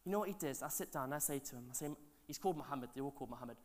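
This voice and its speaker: Male pastor, lively sermon storyteller, loud then hushed, chatty asides. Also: mid-range voice, very fast. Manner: animated, swings between loud and hushed.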